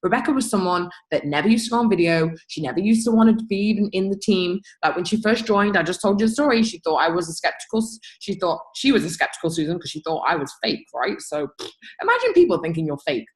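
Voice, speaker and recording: Girl hyping her team on a video call, blunt, sweary, gets loud and laughs a lot. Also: medium pitch, expressive, fast, poor audio. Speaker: team leader. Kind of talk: motivational rant to a team.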